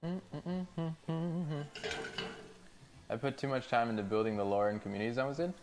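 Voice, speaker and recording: A man's voice: on the low side, racing, over music. A man streaming, reading out chat messages and chatting casually in a laid-back, rambling way with frequent laughs.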